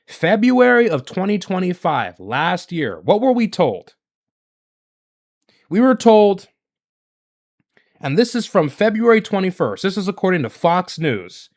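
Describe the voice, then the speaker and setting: Indignant man ranting, lively pitch. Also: a little slow, long pauses. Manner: indignant, emphatic, repetitive rhetorical questions. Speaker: political commentary host. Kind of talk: solo political commentary.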